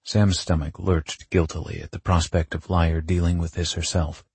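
Low husky guy reading an audiobook, wry and measured, really breathy. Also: little pitch movement, darkish tone, dry recording. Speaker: audiobook narrator. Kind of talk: scripted narration.

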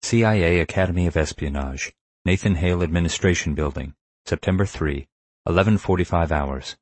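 Male audiobook narrator, deep husky voice, wry deadpan storytelling. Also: fairly quick, no echo. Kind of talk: scripted first-person audiobook narration.

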